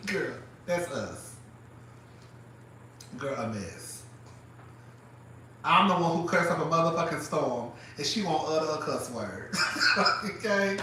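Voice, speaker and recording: A man's voice: on the high side, slow pace, long pauses. A man hosting a live stream from his phone, chatting casually and dramatically, laughing often. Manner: animated, dramatic, laughs often, calls listeners girl. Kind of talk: casual gossip chat. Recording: very echoey room, mic far off, faint noise.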